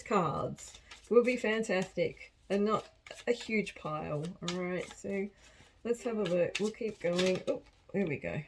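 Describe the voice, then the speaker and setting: A woman's voice: medium pitch, unhurried, a little mellow, slight background noise, rough recording. A woman giving a casual collective tarot reading, chatty and rambling, often laughing at herself. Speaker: tarot card reader.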